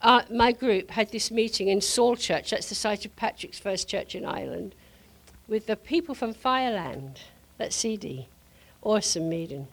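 Animated older woman telling a testimony. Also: mid-range voice, normal speed. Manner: animated storyteller, laughing often. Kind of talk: storytelling testimony to a congregation.

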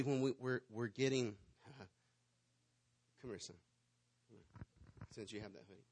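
A man, preaching to his congregation and telling a lively personal story, swinging between loud bursts and hushed asides. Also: medium pitch. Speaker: pastor.

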